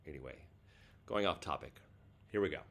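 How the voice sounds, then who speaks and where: A man's voice: extremely low pitch, expressive, moderate pace, fairly bright tone. A man, the author, chatting casually about his book and then reading it aloud, with a loose, filler-heavy way of talking. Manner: loose and casual, lots of "like" and "you know".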